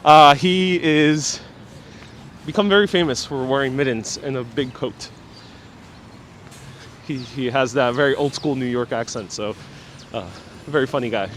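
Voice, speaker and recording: A man hosting a casual walking live stream outdoors on city streets, joking deadpan and reading out viewer comments on a clip-on mic. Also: medium pitch, a little slow, pauses often, slight background noise. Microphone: wireless clip-on mic while walking.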